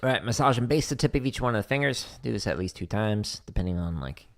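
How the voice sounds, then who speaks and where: A man with a low, gravelly voice teaches drumming on a practice stream. His pitch moves a lot as he walks through each exercise and counts the patterns aloud. He keeps the talk relaxed and casual. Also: quick pace. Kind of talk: instructional livestream talk.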